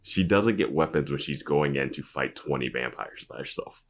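A man's voice: very deep voice, animated, moderate pace, slight background noise. A man co-hosting a podcast who chimes in with amused comments while the episode is recapped. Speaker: podcast co-host. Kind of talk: casual TV recap chat.

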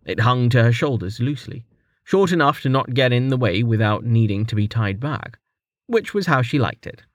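A man reading a fantasy novel aloud as audiobook narrator, in lively storytelling narration. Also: mid-range voice, normal speed, no room sound, clean studio sound. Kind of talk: scripted narration.

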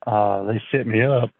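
A man telling his story as a podcast guest, in a halting, casual way, often clearing his throat and filling gaps with fillers. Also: mid-range voice, no room sound. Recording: thin phone-like sound, dry.

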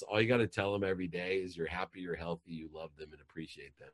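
A man's voice: low-pitched, steady tone, fast talker, few pauses. A man in his forties, a life coach telling a motivational story in an intense, emphatic way.

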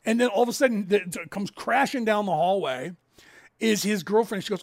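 A man in his fifties from California, rambling casually as he hosts a livestream and tells stories, with a raspy edge. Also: high voice, quick pace, dry recording, clean studio sound. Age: 50s. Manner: rambling storyteller, acts out others' lines in raised voices. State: raspy from COPD. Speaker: livestream host.

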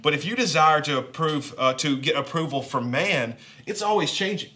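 A man's voice: on the high side, expressive, moderate pace, sharp tone. A man with a Southern accent, preaching a sermon in a conversational, joking way with playful asides. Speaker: pastor.

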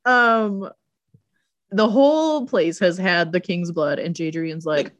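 A woman's voice: on the low side, expressive, moderate pace, dry recording. Sarcastic woman recapping a movie. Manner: sarcastic, acts out quotes in silly voices. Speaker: podcast co-host. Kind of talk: casual chat recapping a movie.

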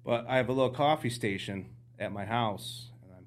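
A medium-pitched man talks briskly while sharing hunting stories on a podcast where he's a guest. He keeps it casual but lively, dramatizing the dialogue.

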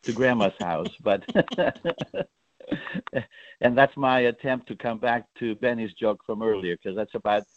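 A man's voice: fairly low pitch, measured pace, long pauses, dry recording, dull audio. A man from Greece, a guest on a radio talk show, chatting at length and laughing often. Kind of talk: casual radio chat.

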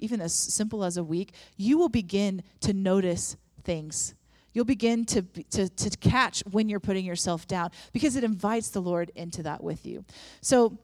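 A woman's voice: medium pitch, a little mellow, dry recording, studio quality. A woman preaching a sermon and leading prayer in an earnest, conversational way, with frequent restarts. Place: church room with audience.

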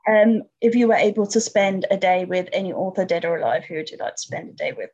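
A woman with a Luton English accent asks questions in a relaxed, easygoing tone. Her voice sits fairly low and has a husky edge. The sound is slightly muffled. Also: fast. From Luton, England. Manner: relaxed, laughs easily. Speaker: interviewer. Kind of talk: casual interview chat.

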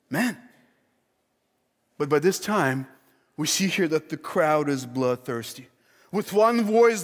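A man preaching a sermon, emphatic and animated, acting out the voices in the story he retells. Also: high voice. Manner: emphatic, animated, acts out quoted crowd and Pilate. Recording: long hall reverb.

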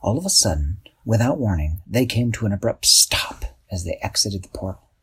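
A man narrating a children's story, expressive and slowing down for suspense. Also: fairly low pitch, breathy edge.

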